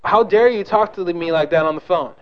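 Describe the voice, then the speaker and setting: Man, prank caller, crude, mocking, high voice, muffled recording. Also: a little fast, slight background noise. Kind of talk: prank phone call.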